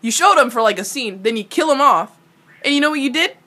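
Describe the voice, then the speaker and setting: A woman's voice: sits high, animated, brisk, sharp tone. A young woman giving casual reaction commentary on a TV episode, ranting animatedly and swearing freely. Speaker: reaction video host.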